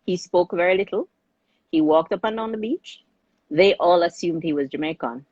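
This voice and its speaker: A middle-aged woman filmmaker, a guest in a casual interview, tells her story in a lively way and often restarts her sentences. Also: fairly low pitch, moderate pace, husky, no room sound. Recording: slightly muffled, dry recording.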